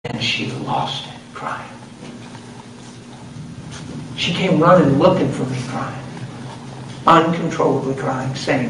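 A man's voice: on the high side, takes it slowly, pauses often. A man preaching a sermon, telling a story with emphasis and acting out the quotes. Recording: roomy hall, distant mic, background noise.

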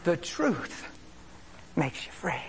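Animated male preacher, high voice, loud-to-hushed sermon delivery, faint hiss behind. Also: takes it slowly. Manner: animated, swings between loud exclamations and hushed asides.

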